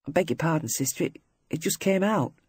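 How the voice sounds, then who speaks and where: A reader voicing a young wounded male airman, blunt and sardonic, given a raised pitch and a changed tone. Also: lively intonation, fairly quick, slightly rough, no echo. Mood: sheepish. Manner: swearing, blunt, then apologetic.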